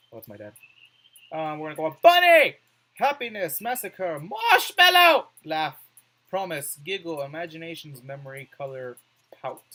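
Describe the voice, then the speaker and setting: A man's voice: mid-range voice, fairly bright tone, rough recording. A man doing let's play commentary, reading on-screen words aloud and musing over his choices.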